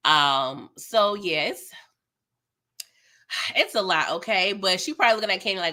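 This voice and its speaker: A young woman hosting a live TV episode recap, animated and slangy, laughing often as she reacts. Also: mid-range voice, normal speed, pauses often. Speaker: TV recap host.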